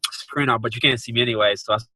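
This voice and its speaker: A man calling in by phone from a parked car, halting and grateful with many fillers. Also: mid-range voice, fairly even intonation, pushed and bright, rough recording. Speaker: caller. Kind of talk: casual chat.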